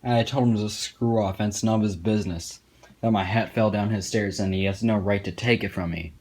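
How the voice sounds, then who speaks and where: A man's voice: fairly low pitch, fairly even intonation, fairly quick, darkish tone, breathy edge. A young man telling a sarcastic, profane story as casual commentary over gameplay. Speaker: gaming commentator.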